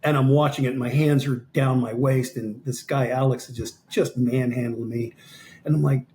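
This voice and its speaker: A man in his fifties tells a story with energy, voicing each quoted line as he goes. His pitch sits mid-range, and faint noise hums behind him. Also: moderate pace. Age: 50s. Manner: animated storyteller, acts out quoted dialogue. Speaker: podcast guest, amateur fighter. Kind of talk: storytelling in an interview.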